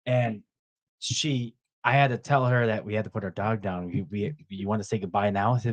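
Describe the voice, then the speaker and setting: A man's voice: on the low side, fairly even intonation, a little fast. A man in casual podcast conversation, sharing a short personal story in a chatty way. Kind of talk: casual chat.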